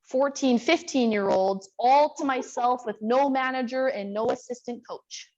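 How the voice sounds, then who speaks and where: A woman's voice: sits high, unhurried, a little mellow, highs cut off. A woman instructor running a live online exercise class, chatting about her week while calling out moves and breathing cues. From Canada. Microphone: video call.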